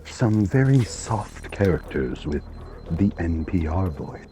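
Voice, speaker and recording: A man putting on the soft, hushed voice of a public radio announcer. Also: low-pitched, very animated, slow, background noise, voice pushed down, full character voice.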